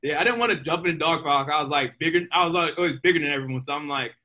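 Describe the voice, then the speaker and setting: An excitable young man tells stories with energy and leans on lots of fillers. His voice is bright and a bit high for a man, and he jumps from one story to the next in a casual interview. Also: rapid-fire. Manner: animated, excitable, many fillers. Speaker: guest, professional baseball player.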